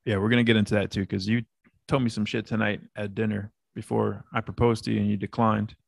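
A man co-hosting a podcast, telling an animated story in casual banter and swearing freely. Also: on the low side, fast talker, creaky, no room sound, studio quality. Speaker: podcast co-host.

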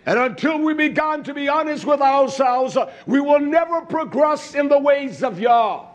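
Preaching a sermon, this man speaks slowly and emphatically with lots of fillers, building up to shouts before dropping low again.

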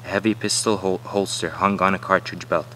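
A man reading a novel passage aloud with animated dialogue. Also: low voice, a little fast, a little hiss or hum, low-quality recording. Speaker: student reader.

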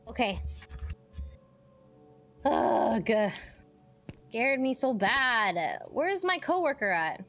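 A woman streaming a horror game in casual chat, jumpy and quick to scream. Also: fairly high pitch, big pitch swings, a bit bright, faint music behind. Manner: jumpy, prone to sudden screams.

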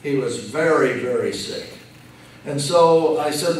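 A man giving a slow, joking farewell speech at a retirement reception, telling stories with punchlines. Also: medium pitch, a little hiss or hum. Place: banquet room. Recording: echoey room from far off.

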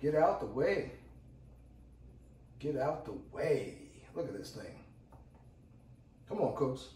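A man's voice: medium pitch, big pitch swings, takes it slowly, warm tone, roomy sound, recorded from a distance. A man hosting a casual cooking demo, hyped and repetitive, calling out to his viewers as he works. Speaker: cooking channel host. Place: home kitchen.

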